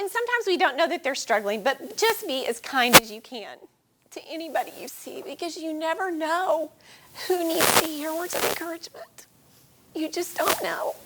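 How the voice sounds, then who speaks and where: A woman's voice: high voice, heavy background noise. A woman telling a personal story to a live audience, earnest and at times tearful. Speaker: speaker sharing her story. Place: event room with audience.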